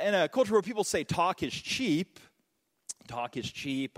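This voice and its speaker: A man preaching a sermon, telling stories and jokes in an animated way. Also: high voice, measured pace, in a large hall. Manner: animated, joking, storytelling. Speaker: pastor.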